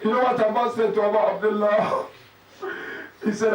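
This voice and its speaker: A man's voice: very high-pitched, fairly even intonation, normal speed. A man, a sheikh giving a mournful Muharram sermon, reciting with emotion and sometimes crying out. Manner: emotional recital, breaking into raised cries. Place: mosque hall. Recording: echoey hall from far off, faint noise.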